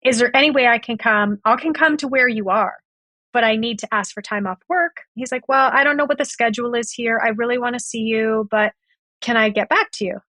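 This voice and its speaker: A woman's voice: a little high, steady tone, fairly quick, sharp tone, no room sound. A woman guest on a podcast, retelling a past relationship and acting out both sides of the conversations. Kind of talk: storytelling in a podcast interview.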